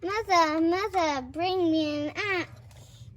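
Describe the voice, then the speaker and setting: A woman voicing a young boy who calls urgently for help in a high, frantic voice. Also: takes it slowly, fairly bright tone, exaggerated voice. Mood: panicked.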